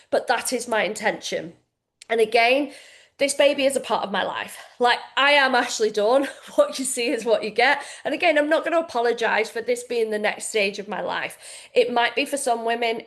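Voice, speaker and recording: A pregnant woman in her late thirties, a fitness coach talking frankly and casually to her community, swearing freely. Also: a little high. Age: late 30s. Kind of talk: casual heartfelt talk to members.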